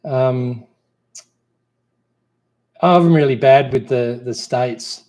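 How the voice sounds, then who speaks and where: A man's voice: medium pitch, very slow, a little mellow. Rambling Australian man chatting live. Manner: rambling, easygoing, many fillers and restarts. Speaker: co-host. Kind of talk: casual live Q&A chat.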